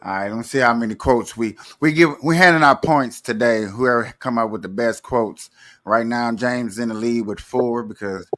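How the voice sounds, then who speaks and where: A man's voice: mid-range voice, normal speed, a bit bright. A man hosting a livestream in a casual, easygoing way, running the show and handing out points to guests. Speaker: livestream host. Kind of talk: casual chat.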